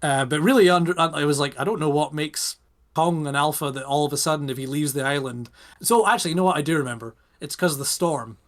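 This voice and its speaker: A young British man co-hosts a casual podcast, his voice sitting a little high for a man. He rambles with plenty of animated rhetorical questions. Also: fast. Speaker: podcast co-host. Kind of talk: casual chat.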